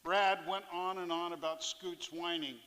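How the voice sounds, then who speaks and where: High, bright-voiced man reading a story. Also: steady tone, unhurried. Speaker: fisherpoet performer. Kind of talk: reading a first-person fishing memoir on stage. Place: theatre stage. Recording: live theatre with long reverb.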